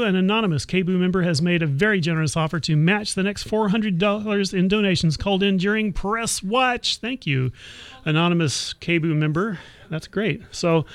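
Woman hosting a radio pledge drive, kinda halting, lots of uhs, dry sound. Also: lowish voice, dry recording. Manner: measured, halting, with many fillers. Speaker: public affairs radio host. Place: radio studio.

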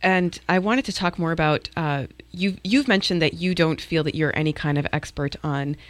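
An interviewer with a middle-pitched voice poses long questions to a guest. The speech is measured and conversational, pausing now and then to find the right phrasing. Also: a bit bright.

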